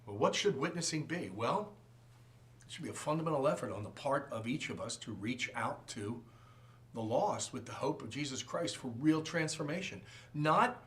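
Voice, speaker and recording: A man teaches a Sunday school class with a slightly high, very lively voice that rises and falls a lot. He tells jokes and acts out little quotes as he talks. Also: normal speed. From from outside the region.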